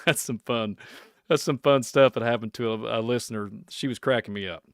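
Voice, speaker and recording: A man with a Kentucky accent rambles through posts and headlines in a loose, folksy commentary. He repeats his points and drifts into preachy warnings. His voice is smooth and resonant at an ordinary pitch, recorded dry and close. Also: quick pace, dry recording. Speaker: podcast host. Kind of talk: casual commentary reading posts and news.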